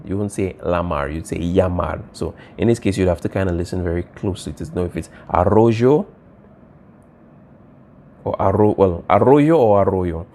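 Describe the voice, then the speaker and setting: A man teaching a Spanish class, explaining pronunciation and stretching out example words slowly while he checks in with his students. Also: low voice, creaky, mellow, a little hiss or hum. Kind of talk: classroom language lesson.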